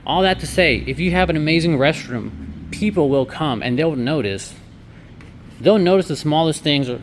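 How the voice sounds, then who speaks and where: A man's voice: a little high, animated, moderate pace, slight background noise. A man who owns a laundromat, talking casually through a walkthrough vlog with sarcastic asides. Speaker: laundromat owner. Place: inside a laundromat.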